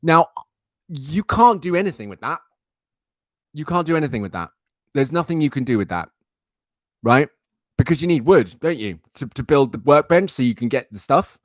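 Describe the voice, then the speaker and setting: A young man rants through a casual story as a live stream host, circling back on the same phrases to hammer each point home. His voice sits a little high for a man and sounds close and dry, with no room around it. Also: big pitch swings, normal speed, long pauses, no echo. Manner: exasperated, repeats himself for emphasis. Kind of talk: casual ranting anecdote.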